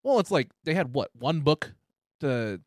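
A man's voice: on the high side, measured pace, no echo, studio quality. An American man hosting a podcast, joking crudely and animatedly with his co-host. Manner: profane, animated, jokey. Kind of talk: crude casual podcast banter.

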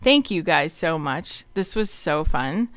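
A woman hosting a relaxed wrap-up chat after a group reading, chatty and giggly, with many fillers. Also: low voice, slow pace, no room sound. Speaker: host and organizer of the reading. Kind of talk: casual stream wrap-up chat.

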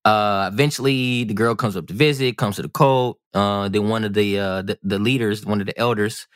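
A man's voice: fairly low pitch, steady tone, moderate pace, clear, resonant tone, no room sound, studio quality. A man telling a personal story on a podcast in a casual, rambling, self-mocking way. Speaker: podcast guest.

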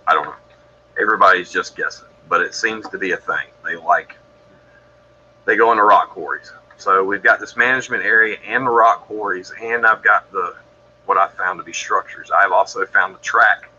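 A man's voice: sits low, moderate pace, bright, forceful tone, muffled recording, slight background noise. A man from Georgia in the US, telling his story as a podcast guest in a rambling, matter-of-fact way that keeps correcting itself. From Georgia, USA. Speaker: guest describing encounters.

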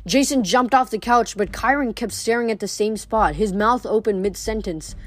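A woman's voice: fairly high pitch, moderate pace, dry recording. Woman reading a novel aloud. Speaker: reader.

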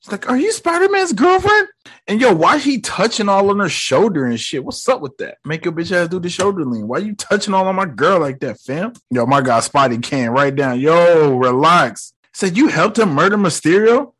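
A man's voice: on the high side, expressive, a little fast, few pauses, fairly bright tone, slightly rough. A young man hosting a podcast, recapping a movie in casual slang and mocking the characters in quoted voices. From United States. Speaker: podcast host.

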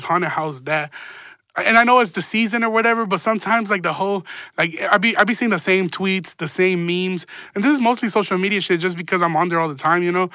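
A man's voice: sits high, pushed and bright, no room sound, studio quality. A man hosting a podcast, telling stories in a rambling, profane, laid-back way full of slang. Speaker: podcast host. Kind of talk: casual solo podcast storytelling.

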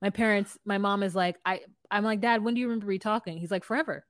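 A woman's voice: mid-range voice, fairly even intonation, fast talker, no echo, studio quality. A woman co-hosting a podcast in casual chat, opinionated and telling stories. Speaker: podcast co-host.

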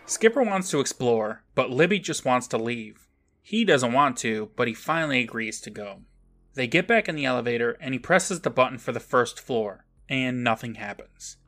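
Podcast dude recapping a kids show, snarky, bright clear voice. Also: male voice, mid-range voice, animated, normal speed, soft background music. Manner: sarcastic, recapping plot with asides. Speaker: podcast co-host. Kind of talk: casual recap chat.

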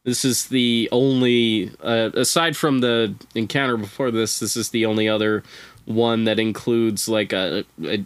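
A man's voice: fairly low pitch, steady tone, unhurried, smooth, no echo. Laid-back man telling a strange tale. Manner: laid-back, profane, wry asides. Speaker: podcast guest storyteller. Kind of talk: casual storytelling chat.

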